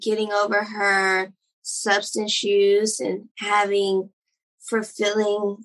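A woman hosting an interview, asking her guest questions in a gentle, sympathetic way. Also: medium pitch, completely flat delivery, slow, rough recording. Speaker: podcast host and interviewer.

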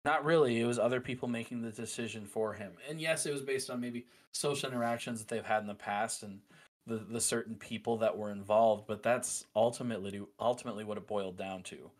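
A man co-hosting a podcast in casual chat, animated and opinionated, with frequent fillers. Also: on the low side, fairly quick. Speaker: podcast co-host.

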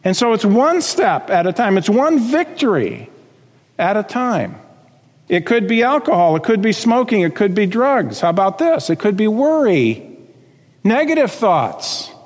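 A male pastor preaching a sermon, reading scripture and acting out quotes with lively emphasis. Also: high voice, a little slow, long reverb tail.

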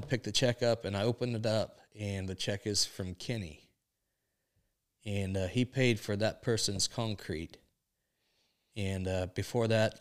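Earnest man telling a faith story, smooth voice. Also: fairly low pitch. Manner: earnest storytelling, many "and, uh" links. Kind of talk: sharing a faith testimony. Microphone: podcast microphone.

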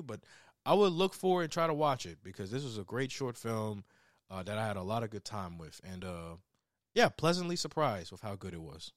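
A man's voice: mid-range voice, fairly bright tone, no room sound, studio quality. A young man casually reviewing a short film in a rambling way, with restarts, swearing and laughs. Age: young adult. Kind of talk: casual chat.

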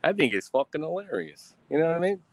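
Profane swaggering streamer, lively swinging voice. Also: male voice, a little high, fast talker, no room sound. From Texas. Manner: profane, boastful, swaggering talk. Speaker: livestreamer. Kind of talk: casual rambling livestream rant. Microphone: streaming mic.

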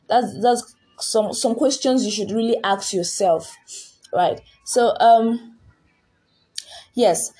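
A woman delivers a sermon in a warm, mellow, slightly husky voice. She speaks earnestly, circling back on her words and putting rhetorical questions to her listeners. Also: mid-range voice. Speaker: preacher.

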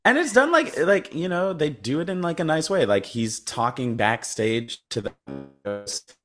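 A man's voice: on the high side, moderate pace, faint music behind. A man co-hosting a podcast in casual chat, talking about a film with lots of fillers and acted-out quotes. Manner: lively, many fillers, acts out quotes. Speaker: podcast co-host.

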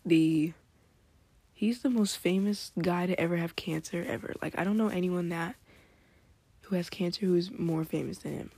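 A woman chatting excitedly in a hushed, whispery late-night ramble at home, trying not to be heard. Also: fairly low pitch, moderate pace, no room sound. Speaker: podcast host.

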